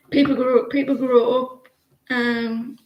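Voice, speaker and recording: A woman with a fairly high voice does a casual live-stream tarot card reading, recorded muffled and very noisy with a roomy echo. She is blunt and rambling, chatting with viewers as she reads cards.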